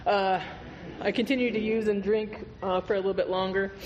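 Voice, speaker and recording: A man's voice: high voice, level tone, brisk, a crowd in the background. A man giving a candid, profane recovery testimony as a guest speaker at a meeting, telling his story with laughs. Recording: reverberant hall with faint noise.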